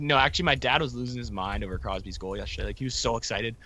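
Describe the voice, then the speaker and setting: Man, podcast co-host, bright voice, rambling, casual. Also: mid-range voice, level tone, fast talker, hardly any pauses. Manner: rambling with fillers, acts out quotes. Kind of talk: casual hockey podcast chat.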